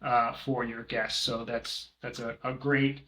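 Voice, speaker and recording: A man in casual podcast conversation, working through lists with plenty of ums and restarts. His voice sits at a middle pitch. The room around him adds a noticeable echo. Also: flat delivery, measured pace, sharp tone. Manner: rambling, many filler ums, listing prices. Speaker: co-host, short-term rental manager. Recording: roomy echo.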